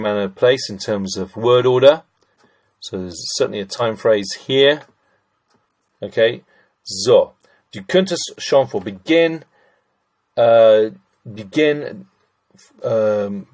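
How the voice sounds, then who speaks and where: A middle-aged man teaches German grammar in a screen-recorded lesson, chatting and thinking aloud as he works through sentences and calling his listeners "ladies and gents." His voice is on the low side and a little mellow.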